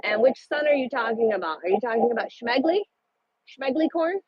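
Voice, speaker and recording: Husky-voiced woman trucker chatting. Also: on the high side, expressive, a little fast, no room sound. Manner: chatty, swears casually. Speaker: truck driver. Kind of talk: casual live-stream chat with viewers. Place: parked truck cab at a rest area. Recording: dull lo-fi sound.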